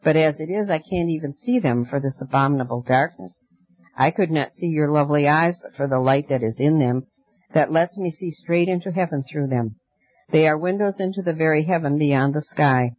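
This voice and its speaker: A man's voice: a little high, normal speed, dry recording, lightly acted. A man reading as a frightened, pleading young man. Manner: pleading, earnest, fearful. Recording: dull lo-fi dry recording.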